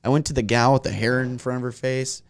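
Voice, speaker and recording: Smooth-voiced Minnesota man, casual. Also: medium pitch, flat delivery, fast. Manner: candid, rambling, self-deprecating. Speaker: podcast guest. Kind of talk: casual chat.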